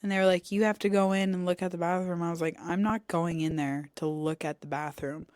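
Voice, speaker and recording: A woman's voice: fairly low pitch, fairly even intonation, brisk, a little mellow, clear, resonant tone, no room sound, clean studio sound. A woman co-hosting a podcast, chatting casually and jumping in to add details. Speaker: podcast co-host. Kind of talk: casual chat. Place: home podcast studio.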